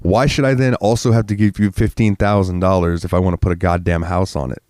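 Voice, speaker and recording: A man's voice: low-pitched, little pitch movement, fast, a little mellow, no room sound, clean studio sound. A sick man from Florida, co-hosting a podcast in casual chat, rambling, swearing freely and getting worked up when he rants. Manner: profane, rambling, gets worked up ranting. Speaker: podcast co-host.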